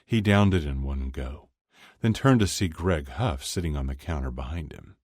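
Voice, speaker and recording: Very deep-voiced male audiobook narrator. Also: animated, normal speed, darkish tone, no echo, studio quality.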